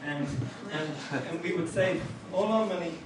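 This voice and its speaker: A man doing a stand-up comedy set, telling deadpan one-liners with pauses for laughs. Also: fairly high pitch. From outside England. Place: comedy club stage with audience laughter. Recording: echoey club from far off, noisy.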